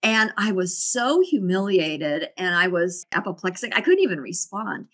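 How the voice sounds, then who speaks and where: A woman's voice: fairly low pitch, very animated, moderate pace, fairly bright tone. A middle-aged woman talking as an interview guest, reflective and often laughing. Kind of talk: casual interview conversation.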